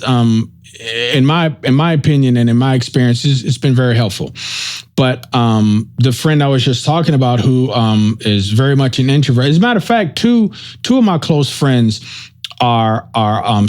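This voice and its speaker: A man's voice: medium pitch, a little mellow. A man hosting a podcast, talking through a casual solo monologue in a rambling, reflective way, often checking in with "right?". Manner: informal, says "yo" and "right?". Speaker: podcast host.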